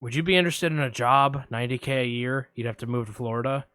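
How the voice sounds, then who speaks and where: A man putting on a creepy secretive male caller, speaking low, hushed and insinuating, in a dry, close-sounding podcast retelling of a phone call. The voice sits down in a murmur. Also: fast talker, clean tone, no echo, lightly acted.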